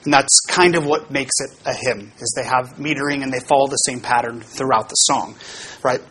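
A man, a pastor, giving a relaxed teaching talk to his congregation about how hymns are built, explaining with fillers and small asides. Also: mid-range voice, fairly quick, slight background noise.

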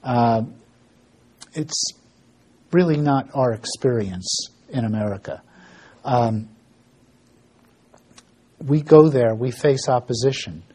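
Man, mellow husky voice, casual ministry storyteller, halting with fillers. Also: mid-range voice. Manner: storytelling with frequent fillers and restarts; acts out dialogue in quoted voices. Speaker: ministry worker giving an update. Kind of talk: informal spoken ministry report.

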